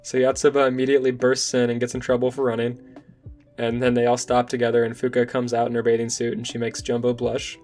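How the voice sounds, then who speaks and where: A man's voice: mid-range voice, monotone, fast, darkish tone, soft background music. A young man recapping and recommending a manga in a casual, enthusiastic vlog. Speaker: manga reviewer.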